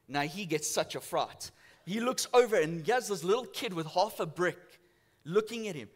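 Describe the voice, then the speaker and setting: A man preaching a sermon as a church pastor, telling stories and swinging from loud to hushed. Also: high voice, lively intonation, moderate pace. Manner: storytelling, acts out voices in quotes, swings from loud to hushed.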